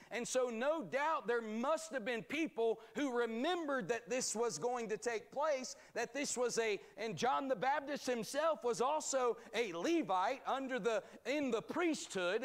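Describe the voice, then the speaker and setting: A man teaching a bible study as pastor, reading scripture aloud and explaining it in a measured, emphatic way. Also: very high voice. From United States.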